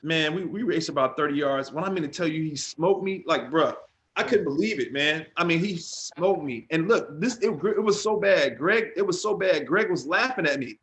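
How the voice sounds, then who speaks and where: A man who is a former football player, telling stories as an interview guest in a relaxed, animated way. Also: fairly high pitch, moderate pace. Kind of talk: casual storytelling.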